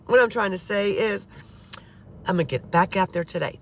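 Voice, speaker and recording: A woman's voice: fairly low pitch, lively intonation, normal speed, fairly bright tone. A woman in her fifties talking to her viewers in a casual, rambling vlog, frustrated and swearing, often restarting her sentences. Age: 50s. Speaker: paranormal vlogger. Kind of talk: casual rambling monologue to camera.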